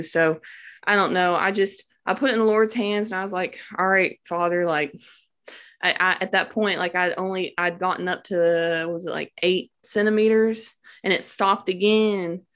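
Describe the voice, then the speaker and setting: A young new mother shares her birth story as a casual, devout testimony, full of fillers and words of praise. Her voice is fairly low and a bit bright, steady in tone, at a moderate pace.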